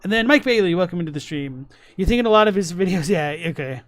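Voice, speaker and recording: A man's voice: high voice, fast talker, dry recording. A young man casually commenting on a live stream, rambling a little and restarting his sentences. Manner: relaxed, rambling, many fillers and restarts. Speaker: streamer reacting to videos.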